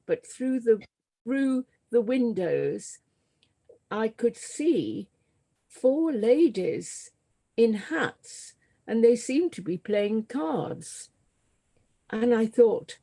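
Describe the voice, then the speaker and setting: An older woman from Britain tells long stories at an unhurried pace, in a mellow, darkish voice. She often pauses on ums and restarts her sentences, in a relaxed conversational tone. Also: a little high, creaky. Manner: halting, with many ums and restarts. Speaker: guest, scenographer and author. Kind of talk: conversational storytelling.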